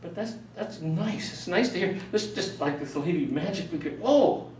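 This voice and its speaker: An older man telling a personal story in a rambling, animated way, acting out the voices of people he quotes. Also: on the high side, a little hiss or hum. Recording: roomy, distant mic.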